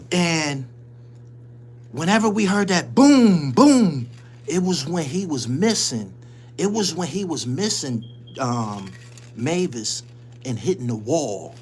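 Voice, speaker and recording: High-voiced man laughing through a story. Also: slight background noise. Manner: animated, laughs often mid-story; profane street slang. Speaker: channel host. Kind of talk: casual storytelling.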